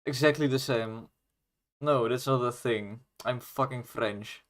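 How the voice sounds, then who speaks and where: A Dutch-accented man talks casually to his stream audience while he works on a game. He rambles and jokes at his own expense, and his voice sits at an ordinary middle pitch for a man. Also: a little slow. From Netherlands. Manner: rambling, self-mocking, jokey. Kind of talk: casual livestream chat.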